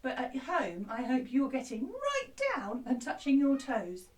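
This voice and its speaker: A woman's voice: sits high, huge pitch swings, unhurried, distant mic. A woman teaching a children's music lesson who sings an action song and cheerfully explains each step. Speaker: primary school music teacher.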